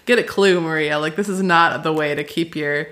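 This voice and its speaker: A woman's voice: low voice, normal speed, a bit bright. A woman co-hosting a casual book podcast, who talks in a chatty, wry way and reads passages aloud. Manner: chatty and wry, with frequent laughs. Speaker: podcast co-host.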